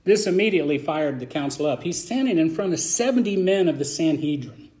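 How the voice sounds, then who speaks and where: A man with a high-pitched voice preaches a verse-by-verse sermon. He talks in a colloquial, emphatic way, swinging between loud bursts and quiet asides. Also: lively intonation, a little fast. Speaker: pastor.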